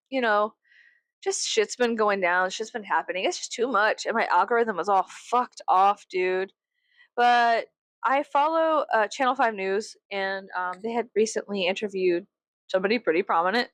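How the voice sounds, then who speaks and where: A woman's voice: medium pitch, dry recording. A woman vlogging in a casual rant, swearing freely, giggling and rambling.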